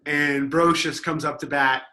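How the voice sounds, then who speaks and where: A man's voice: a little high, steady tone, a little slow, echoey room. A man on a comedy podcast panel telling a rambling story full of restarts. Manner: rambling, with many restarts and loud mocking impressions.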